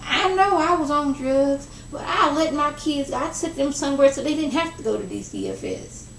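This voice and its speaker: A young woman casually recapping a reality show episode, chatty and gossipy, acting out quoted lines in a lower voice. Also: sing-song, moderate pace, a little hiss or hum. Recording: echoey room, mic at a distance.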